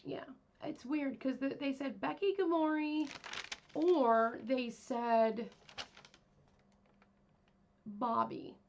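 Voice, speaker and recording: A woman with a fairly high voice tells a true crime story at an unhurried, slow pace. Her talk is chatty and rambling, full of fillers and asides. The recording sounds dull and lo-fi. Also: a little mellow, a little hiss or hum. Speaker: true crime podcast host. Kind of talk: casual storytelling.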